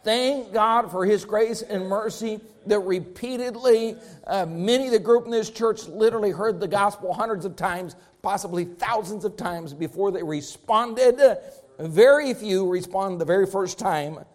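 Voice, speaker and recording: Man, high voice, pastor preaching, emphatic rising and falling cadence. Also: normal speed. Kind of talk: sermon.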